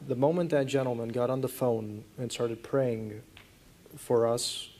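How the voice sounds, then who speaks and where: A man's voice: medium pitch, fairly even intonation, dark tone. Earnest man telling a story at a conference. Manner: earnest, halting storytelling with many restarts. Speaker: interview guest. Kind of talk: conference interview on stage.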